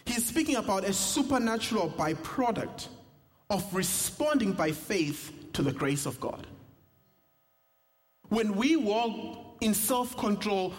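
A young South African man, a pastor, preaching a sermon with humor and personal stories. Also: high voice. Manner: storytelling with humor, animated asides. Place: church sanctuary. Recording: reverberant church hall.

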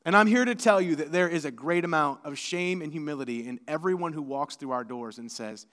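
A male pastor preaching a sermon in a church, talking conversationally and moving between hushed and emphatic delivery. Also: fairly high pitch, a little fast. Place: church sanctuary. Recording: long reverb of a church sanctuary.

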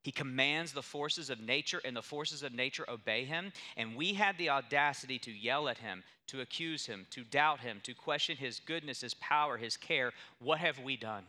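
Young male pastor, very bright tone, emphatic storytelling sermon delivery. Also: medium pitch, normal speed, few pauses. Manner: storytelling, emphatic with rising intensity.

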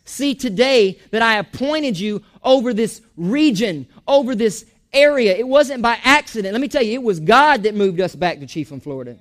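A man preaching a sermon in a church, animated, joking and going off on asides. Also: very high voice, moderate pace, hardly any pauses. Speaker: pastor.

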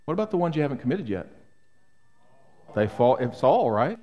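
A middle-aged male pastor delivering an emphatic sermon, pressing the room with questions. His voice sits at an ordinary pitch for a man. It rings out with the long reverb of a church sanctuary. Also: sing-song, moderate pace, muffled recording. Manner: emphatic, rhetorical questions to the congregation.

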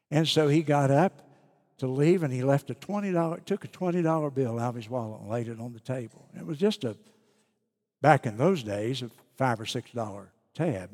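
Male preacher, mid-pitched, slow and deliberate storyteller; long hall reverb. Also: darkish tone. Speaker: pastor. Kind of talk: sermon.

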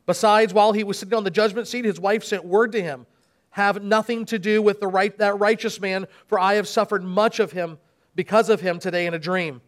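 Guy preaching at church, high voice, reads scripture real dramatic then teaches. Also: fairly even intonation, brisk. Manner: dramatic reading with emphatic quoted speech. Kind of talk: scripture reading then sermon. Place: church service.

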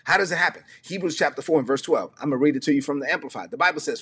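A man's voice: fairly high pitch, very fast, few pauses, a bit bright, a little hiss or hum. A man preaching a livestreamed teaching sermon, emphatic and conversational, repeating his key phrases.

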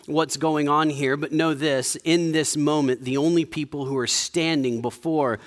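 A man preaching a sermon in a conversational way, with frequent restarts, dropping to a quiet low voice for emphasis. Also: steady tone, normal speed. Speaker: pastor.

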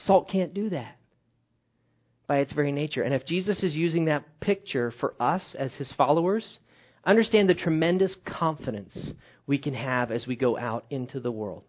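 A man preaching a sermon as pastor, swinging from loud emphatic calls to hushed, quiet lines. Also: on the high side, moderate pace, lo-fi sound.

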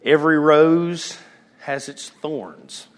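A man preaching a sermon as pastor, moving between loud calls and hushed, almost whispered lines. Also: on the high side, slow pace, in a large hall.

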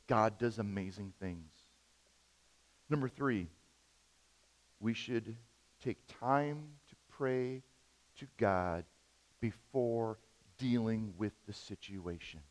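A man preaching a sermon, telling stories with big swings from quiet to loud. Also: medium pitch, takes it slowly, pauses often, in a large hall. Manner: animated storytelling, big swings in loudness. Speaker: pastor.

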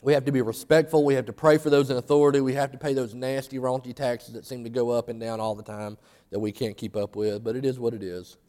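A man's voice: mid-range voice, steady tone, fast talker, mellow. A man preaching a sermon, telling a folksy story and rising to fervent emphasis. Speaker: pastor. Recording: long hall reverb.

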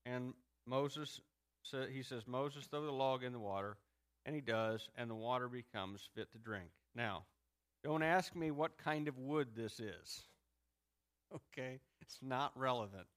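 Conversational male preacher, smooth voice. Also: mid-range voice, measured pace, fairly bright tone. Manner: conversational preaching, acts out grumbling crowds. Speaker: pastor. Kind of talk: sermon.

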